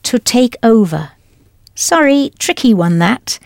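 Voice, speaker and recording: A woman leading a scripted audio language lesson, explaining patiently and deliberately into a close studio mic. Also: fairly high pitch, very animated, gravelly, darkish tone, no room sound. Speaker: language teacher.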